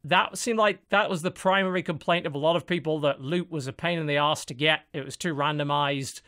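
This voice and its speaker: A man's voice: on the high side, fairly quick, pushed and bright. A man hosting a casual gaming podcast, dry and matter-of-fact as he moves through the list. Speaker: podcast host. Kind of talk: casual chat.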